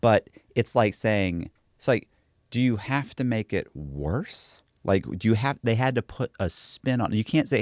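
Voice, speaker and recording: A man's voice: on the low side, animated, measured pace, darkish tone, no echo, clean studio sound. Blunt, slangy man telling his story. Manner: blunt, slangy, self-deprecating, many restarts. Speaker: interview guest. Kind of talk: casual storytelling chat.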